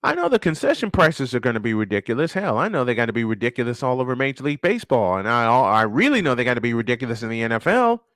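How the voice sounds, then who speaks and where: A man's voice: medium pitch, big pitch swings, fast, hardly any pauses, a bit bright, dry recording, clean studio sound. A man hosting a casual live-stream sports show, ranting and firing off rhetorical questions, repeating his points for emphasis.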